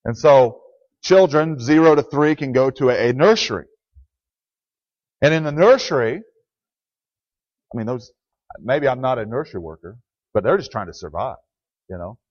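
In a dull, dry lo-fi recording with no room sound, a male pastor gives a plainspoken, conversational sermon, responding to the questions he asks the congregation. His mid-range voice is expressive and a little mellow, moving at a moderate pace with frequent pauses.

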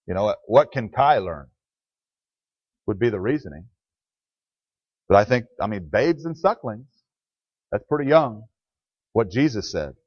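A man's voice: on the low side, animated, normal speed, pauses often, darkish tone, no echo. A man preaching a conversational sermon as a pastor in a church, speaking plainly and answering the questions he puts to the congregation. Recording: dry, dull lo-fi sound.

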